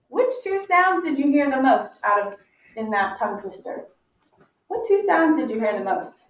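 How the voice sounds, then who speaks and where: A high-pitched woman teaching phonics to young children, coaxing answers with patient praise. She is heard from some distance in an echoey room, and the sound is muffled with faint background noise. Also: sing-song. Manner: patient, encouraging, drawn-out sounding out.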